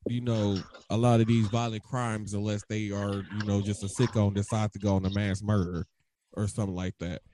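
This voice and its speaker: A man's voice: on the low side, flat delivery, brisk, background noise. Casual hesitant man in conversation. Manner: casual, hesitant, many fillers. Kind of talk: casual group discussion.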